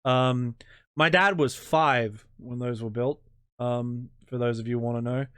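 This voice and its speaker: An Australian man hosting a history channel, chatting casually in an interview, joking and self-deprecating with halting restarts. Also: medium pitch, fairly even intonation, fairly bright tone, smooth, no echo, studio quality.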